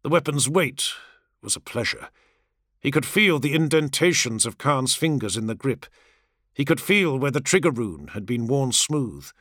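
A man reading a grim war audiobook in dramatic, expressive scripted narration. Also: mid-range voice, moderate pace, dry recording, clean studio sound.

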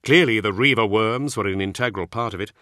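A man voicing a stern, earnest warrior-monk who argues his case in a measured, insistent way. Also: fairly low pitch, sharp tone, no echo, studio quality. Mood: explaining.

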